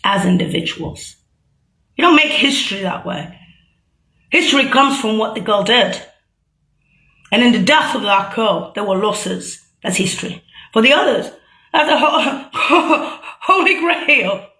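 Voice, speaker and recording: A woman's voice: medium pitch, animated, normal speed, pauses often, pushed and bright. A woman in a rambling, profane, sarcastic monologue, agitated and mocking. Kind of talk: ranting monologue to camera.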